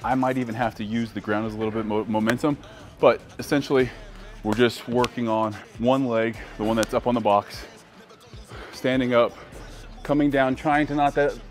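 A man's voice: medium pitch, steady tone, moderate pace, soft background music. A man vlogging casually through a tiring leg workout at the gym, joking at his own expense. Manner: joking, self-mocking. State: tired, worn out from training. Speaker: fitness vlogger. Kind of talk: casual vlog chat during a workout.

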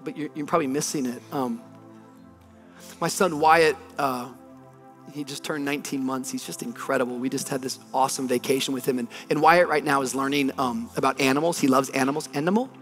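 A man's voice: mid-range voice, fairly even intonation, brisk, a bit bright, soft background music. A man in his thirties, a pastor delivering a sermon, telling a story with animation and building to emphatic preaching.

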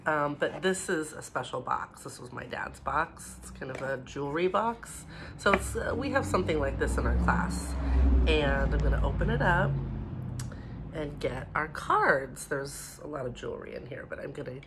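A woman teaching preschoolers from home, talking gently and encouragingly and mixing in Spanish words. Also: deep voice, a little hiss or hum. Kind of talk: home video lesson for young children.

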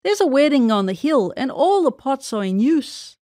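A tiny, mischievous hillman fairy, put on by a woman reading a storybook, with a queer little voice pitched well above her own. He sounds mocking as he counts up the housewife's losses. The voice is dry and close, with no room sound. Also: very animated, moderate pace, dark tone, no echo. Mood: polite asking.

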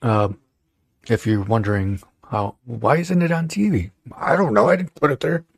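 A man's voice: mid-range voice, moderate pace, slightly rough, no room sound, clean studio sound. A man hosting a casual livestream show, rambling and joking with lots of fillers. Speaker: show host.

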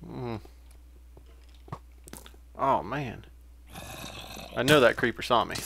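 A man's voice: mid-range voice, big pitch swings, measured pace, creaky, long pauses, fairly bright tone, slight background noise. A young man giving casual, rambling commentary while playing a game, with frequent fillers and self-corrections. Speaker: let's play gamer.

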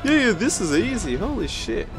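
A man giving excitable gameplay commentary, yelping and swearing as he plays. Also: high voice, normal speed, music in the background. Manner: excitable, yelps and swears at the game. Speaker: let's-play gamer.

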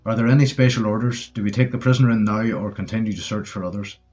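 A man voicing a brisk, dutiful German army sergeant while reading a war story. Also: lowish voice, steady tone, a little mellow, highs cut off, soft background music, close to an everyday voice.

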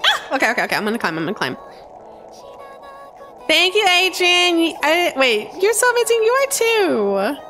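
A woman hosting a live gaming stream, bubbly, greeting and thanking her chat nonstop with excited gasps. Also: extremely high pitch, moderate pace, pauses often, faint music behind. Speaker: live-stream gamer host.

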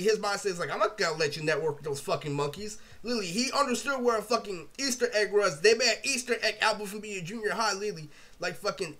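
A man's voice: high voice, bright, forceful tone. A young man vlogging a rambling, profanity-heavy rant to camera, full of 'like' and 'literally'. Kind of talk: ranting monologue to camera.

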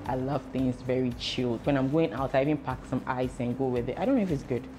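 A woman's voice: extremely low pitch, fast, music in the background. A young woman giving a chatty, emotional pregnancy update and mixing in pidgin phrases. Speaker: vlogger. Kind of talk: casual pregnancy update vlog.

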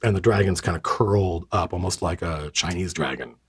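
A man's voice: sits low, fairly quick, slightly rough. A man narrating as game master of a tabletop game, losing his voice, describing scenes in a rambling, stop-start way.

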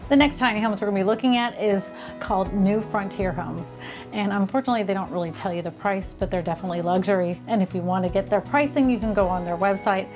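A woman hosts a casual home-tour vlog at a mid-range pitch, gushing with delight and breaking into exclamations as she goes. Soft music plays quietly underneath. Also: fast talker. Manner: gushing, enthusiastic, exclaims often. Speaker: vlog host.

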